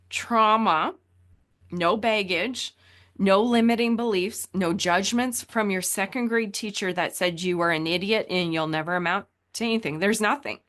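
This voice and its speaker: A woman hosting a motivational podcast, talking emphatically and acting out the inner voices in our heads. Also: fairly bright tone. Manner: emphatic, acts out inner voices with shifting pitch. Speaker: podcast host. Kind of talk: motivational solo talk.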